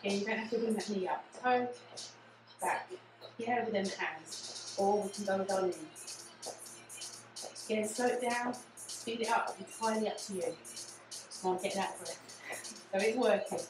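A woman with an English accent leading a low impact cardio class, encouraging and repetitive in her cues, sometimes out of breath. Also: moderate pace, pauses often. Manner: encouraging, repeats cues like "again" and "yeah". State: out of breath at times. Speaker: fitness instructor. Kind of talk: guided exercise class. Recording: echoey room, distant mic, music. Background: music playing.

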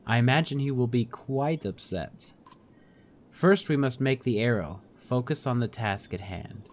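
A man voicing a calm, wise mystic woman. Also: medium pitch, a little slow, a little hiss or hum, close to an everyday voice. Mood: earnest.

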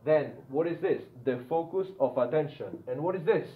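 A man's voice: on the high side, expressive, moderate pace. A man teaching an English grammar lesson, repeating key points and often checking whether students follow. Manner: repetitive, checks understanding often. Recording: tinny phone-like audio with faint noise.

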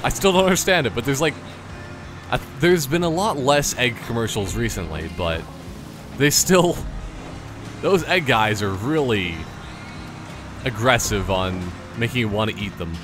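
A man's voice: medium pitch, expressive, unhurried, pauses often, music in the background. A man giving casual let's-play commentary, rambling and joking through tangents. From Canada. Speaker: gameplay commentator.

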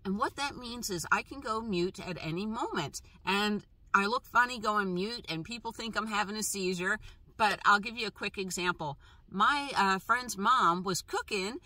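Bright-toned woman telling halting stories. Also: mid-range voice, dry recording. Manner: halting, with frequent pauses, restarts and fillers. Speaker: travel vlogger. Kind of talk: casual personal storytelling.

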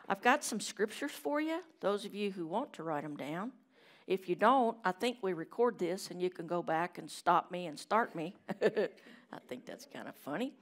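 A woman's voice: fairly low pitch, lively intonation, moderate pace. Storytelling woman preaching. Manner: storytelling, shifts between loud emphasis and hushed asides. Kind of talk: sermon. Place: church chapel.

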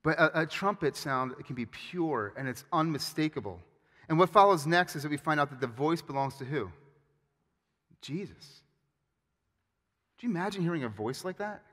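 A man preaching a sermon as pastor, with animated, emphatic storytelling and frequent restarts. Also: on the high side, normal speed, pauses often. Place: church sanctuary. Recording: long hall reverb.

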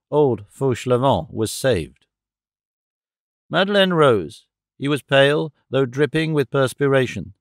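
A man reading a classic novel aloud as audiobook narrator, in a measured, steady way. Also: a little high, no room sound, studio quality. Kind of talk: scripted narration.

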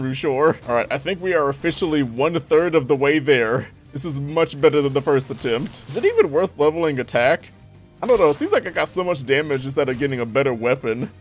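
A young man giving lively gameplay commentary, talking to the game characters with frequent exclamations. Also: fairly high pitch. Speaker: gaming YouTuber.

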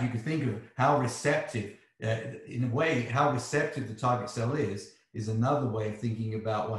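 An English man fields a seminar question, thinking aloud with frequent restarts. His voice sits on the low side and rings through a strongly echoing room. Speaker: seminar speaker. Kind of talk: academic Q&A answer. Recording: echoey room.

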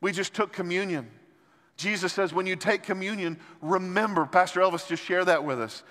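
A man's voice: high-pitched, moderate pace. Impassioned male pastor, reverberant sanctuary. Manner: impassioned preaching, swinging between soft and loud. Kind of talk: sermon. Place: large church sanctuary. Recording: long hall reverb from church sanctuary.

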